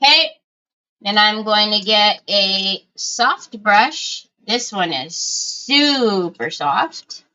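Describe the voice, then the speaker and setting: A woman's voice: mid-range voice, lively intonation, very slow, bright, forceful tone, muffled recording. A woman hosting a casual crafting livestream, chatting to viewers and calling out to her family as she works. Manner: chatty, breaks off to call to family.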